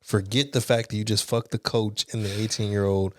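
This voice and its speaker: A young man with a fairly low voice tells a personal story in a casual podcast chat. He talks candidly and with animation, using frank language. The sound is dry and close to the mic. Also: flat delivery, a little fast, a little mellow, dry recording. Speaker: podcast guest.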